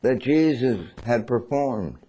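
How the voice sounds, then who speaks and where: A man preaching a sermon. He swings between loud and hushed and acts out little scenes. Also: mid-range voice, lively intonation, takes it slowly.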